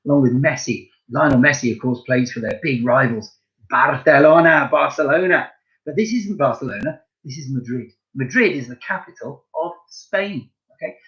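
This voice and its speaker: A man's voice: medium pitch, moderate pace, lo-fi sound. A man giving a home-learning lesson to young children, talking straight to his pupils and praising them a lot. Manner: lively, encouraging, speaks directly to pupils. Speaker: primary school French teacher.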